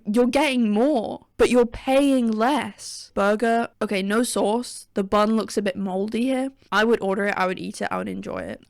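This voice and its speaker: A young woman with a gravelly, fry-laden voice, recorded close and dry. She rants and jokes sarcastically through casual commentary and swears freely. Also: medium pitch, no room sound. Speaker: gaming video creator. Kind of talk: casual tier-list commentary.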